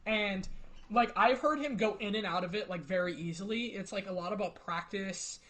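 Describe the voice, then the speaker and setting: A man's voice: high-pitched, normal speed, fairly bright tone, poor audio. A young man on a casual podcast, rambling with stammering restarts and casual swearing. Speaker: podcast guest, roleplayer.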